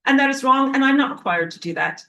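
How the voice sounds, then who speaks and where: A woman talking alone to camera, telling a personal story and acting out quotes loudly. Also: high voice, fast talker, lo-fi sound, slight background noise. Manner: animated, acts out quotes in a raised voice. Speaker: online teacher. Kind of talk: casual monologue to camera.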